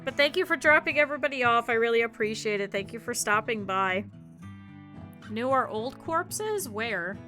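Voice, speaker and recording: A woman plays a game live, her voice sitting a little high and sounding sharp and bright. She chats to her viewers, scolds the characters on screen and swears freely. Soft game music plays faintly underneath. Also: animated, normal speed. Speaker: streamer. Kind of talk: live gameplay stream commentary.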